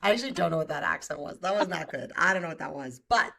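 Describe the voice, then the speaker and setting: A woman co-hosting a podcast, talking in an animated, reflective, chatty way. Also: deep voice, fast talker, gravelly. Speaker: podcast co-host. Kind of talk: casual podcast chat.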